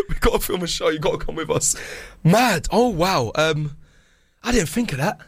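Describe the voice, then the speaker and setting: A British man co-hosting a football chat show from a studio, his voice sitting a touch high. He laughs a lot and stumbles through quick restarts. The sound is close and dry, with no room around it. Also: lively intonation, breathy edge, dry recording. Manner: laughs often, stammering restarts. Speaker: podcast co-host. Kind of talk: casual banter.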